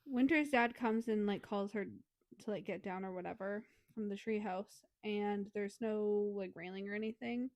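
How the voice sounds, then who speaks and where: A woman's voice: mid-range voice, normal speed, no room sound. A young woman co-hosting a podcast, casually summarizing a book scene with fillers and the odd swear word. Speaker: podcast co-host. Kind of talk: casual book review chat.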